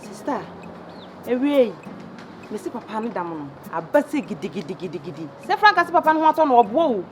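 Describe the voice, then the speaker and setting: An actress with a Ghanaian accent playing a young woman friend who gossips quickly and exclaims in Twi. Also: fairly high pitch, sing-song, noisy background. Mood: gossiping. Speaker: actress in a Kumawood film. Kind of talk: dramatic film dialogue.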